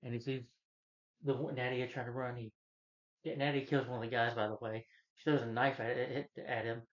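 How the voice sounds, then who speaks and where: A man's voice: medium pitch, flat delivery, moderate pace, lo-fi sound. A man reviewing a film in a casual, rambling rant, retelling scenes loosely and filling gaps with lots of "you know" and "uh". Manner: loose, meandering retelling with many fillers.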